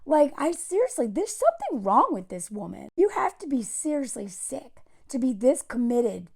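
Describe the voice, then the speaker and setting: A woman's voice: high-pitched, sing-song, normal speed, creaky, darkish tone, breathy edge. A woman giving casual, sarcastic video commentary, exasperated and mocking as she talks. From United States. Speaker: commentary vlogger.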